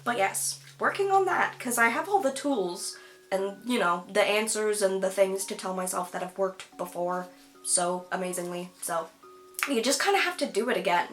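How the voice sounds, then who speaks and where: A woman's voice: medium pitch, lively intonation, moderate pace, a bit bright, faint music behind. A woman talking candidly in a casual vlog at home, chatty and self-deprecating, with lots of "like" and laughter. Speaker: YouTuber.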